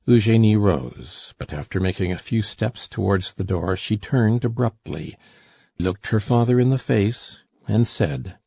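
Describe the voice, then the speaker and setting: Gravelly deep-voiced male narrator. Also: expressive, measured pace, a little mellow, no room sound. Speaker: audiobook narrator. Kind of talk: scripted narration.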